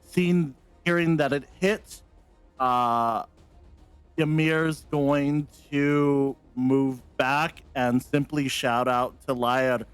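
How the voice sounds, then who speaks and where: A man describes his character's turn in a tabletop role-playing game. He speaks very slowly, weighing each step as he goes. His pitch stays in an ordinary middle range. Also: fairly even intonation, smooth, no room sound, faint music behind. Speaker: player.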